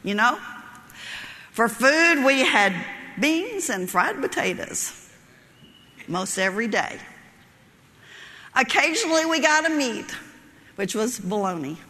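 Brief: woman preacher, high and bright, folksy storyteller, long hall reverb. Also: very animated, takes it slowly, pauses often. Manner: folksy storytelling, laughs at her own jokes. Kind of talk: sermon with a joke story.

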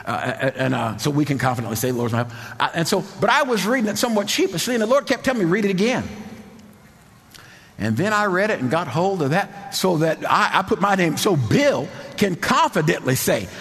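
Impassioned preacher man, gravelly and animated. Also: sits high, a little fast. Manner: impassioned, shouting at peaks, repeats phrases. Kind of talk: sermon. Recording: long hall reverb.

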